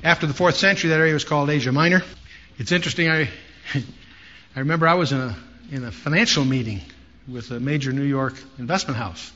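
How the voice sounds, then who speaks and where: A man's voice: fairly high pitch, a little fast, pushed and bright. A man teaching a Bible study in a conversational way, with storytelling asides. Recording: dull lo-fi sound with faint hiss.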